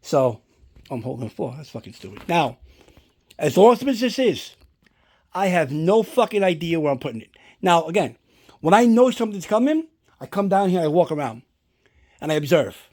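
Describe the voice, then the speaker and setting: A man with a somewhat high voice tells a long, rambling story at home. He talks casually, swears freely and keeps trailing off with filler like "blah, blah, blah.". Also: sing-song, moderate pace, pauses often, darkish tone. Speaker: collector showing a movie prop. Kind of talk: casual unboxing vlog. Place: indoors at home.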